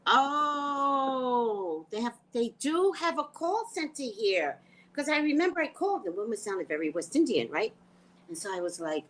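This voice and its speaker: A woman talks straight into her live stream, her pitch swinging widely as she vents. Her delivery is exasperated and profane, casual and conversational, and she breaks off to greet viewers. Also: a little slow, a little hiss or hum, poor audio. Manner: animated, profane, exasperated storytelling. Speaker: live stream host, tarot reader. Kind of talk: casual livestream rant.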